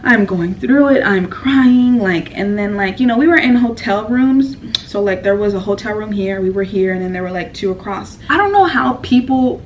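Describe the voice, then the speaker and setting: A woman's voice: medium pitch, recorded from a distance, muffled recording, a little hiss or hum. A woman telling a personal story in a casual vlog, rambling and emotional with lots of fillers.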